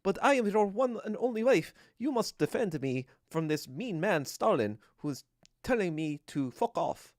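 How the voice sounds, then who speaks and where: A shrill, whining wife put on by a man complains in a high, pleading voice. The recording is dry and close. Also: very animated, moderate pace, no echo. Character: whiny complaining wife, older woman.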